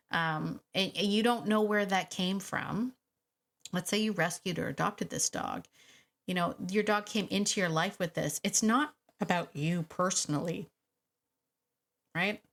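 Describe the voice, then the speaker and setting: A woman's voice: fairly low pitch, moderate pace. A woman hosting an advice podcast, talking casually and often tagging her points with "right?". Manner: chatty, frequent "right?" tag questions. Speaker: podcast host, dog trainer.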